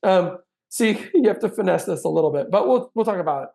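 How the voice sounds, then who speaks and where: A middle-aged man coaching real estate agents on closing techniques, with a gravelly, fry-edged voice. He keeps it conversational and slips into short acted-out sample lines to show how a script sounds. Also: sits high, lively intonation, quick pace, mellow. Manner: chatty, acts out sample sales lines. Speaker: sales trainer. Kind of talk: conversational training talk.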